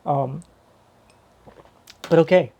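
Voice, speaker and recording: A man's voice: on the high side, extremely slow, mellow. A man giving casual live reaction commentary on a manga chapter, rambling and swearing casually as he thinks aloud.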